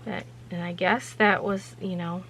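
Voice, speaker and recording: Woman vlog host, lowish voice, rambling casual storytelling, faint hum behind. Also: fairly even intonation, a little slow, a bit bright, rough recording. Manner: rambling, chatty, loose with frequent fillers.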